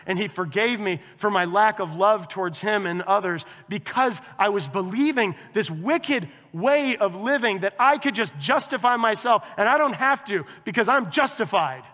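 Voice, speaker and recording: A man preaching a sermon as a pastor, conversational and animated, acting out quoted dialogue with his wife. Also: high voice, long reverb tail.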